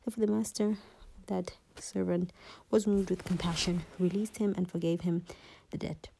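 A woman in a whispered Bible reading and teaching, halting and often losing her place and rereading verses. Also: on the low side, steady tone, creaky, mellow, slight background noise, poor audio.

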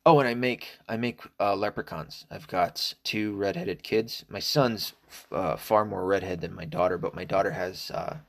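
Here a Southern American man of middle age delivers a loose, foul-mouthed monologue by himself, full of digressions and filler words. His low, creaky voice moves at a normal pace with barely any pauses.

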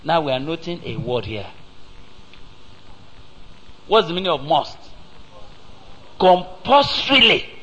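A man with a Nigerian English accent preaching a sermon, slow and emphatic, asking the congregation rhetorical questions and breaking into sudden loud rises. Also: on the high side, expressive, slight background noise, poor audio.

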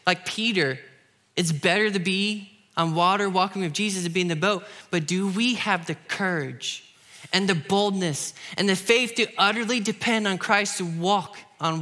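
A man's voice: high voice, pushed and bright. A young man preaching a sermon, earnest and building to emphatic peaks.

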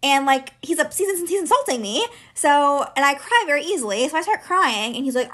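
A woman's voice: sits high, animated, a little fast, hardly any pauses, fairly bright tone. Chatty young woman telling a story. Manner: chatty, heavy use of filler "like". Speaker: podcast co-host. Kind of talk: casual storytelling chat.

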